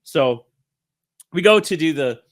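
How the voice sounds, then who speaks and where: A man's voice: a little high, lively intonation, slow pace. Rambling man telling a story. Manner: rambling, self-correcting, laughs while telling. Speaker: interview guest. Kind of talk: casual storytelling.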